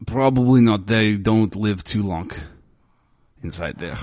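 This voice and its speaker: A man voicing a shifty, nervous male spellcaster held captive, who talks in halting, oddly formal phrases full of fillers. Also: on the low side, a little mellow, dry recording, clean studio sound, natural voice. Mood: evasive.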